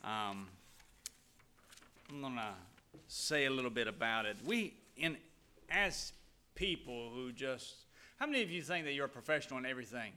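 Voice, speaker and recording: A man's voice: medium pitch, animated, moderate pace, long pauses, sharp tone, clear, resonant tone. A man preaching a sermon to his congregation, casual and conversational, often asking them questions. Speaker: pastor.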